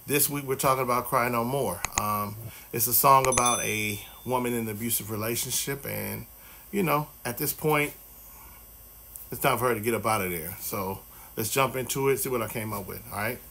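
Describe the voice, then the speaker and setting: A man hosting a casual music production tutorial, talking in a laid-back, loose way with many pauses and fillers. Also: medium pitch, creaky, sharp tone.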